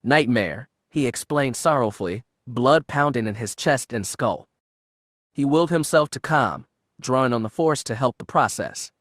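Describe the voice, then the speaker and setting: A man reads a space-adventure novel aloud in a measured, even narration. His voice sits in a middle register, and the recording is dry and close with no room sound. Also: mid-range voice, no room sound. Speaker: audiobook narrator. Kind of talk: audiobook narration of fan fiction.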